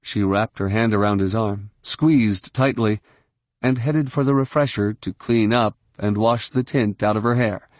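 A male narrator with a lowish voice reads a science fiction novel in measured, even tones. He sits close to the microphone, and the sound is dry and dead with no room around it. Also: no echo. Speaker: audiobook narrator. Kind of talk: scripted narration.

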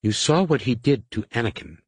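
A man's voice: mid-range voice, lively intonation, a little fast, a little mellow, breathy edge, no room sound. A man voicing a wounded, furious young woman pilot in an audiobook, speaking bitter and defiant.

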